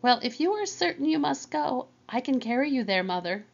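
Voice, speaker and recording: Woman putting on a grave butterfly, thin clear high voice, dull recording, faint music. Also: very animated, brisk, exaggerated voice. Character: gentle, grave great butterfly.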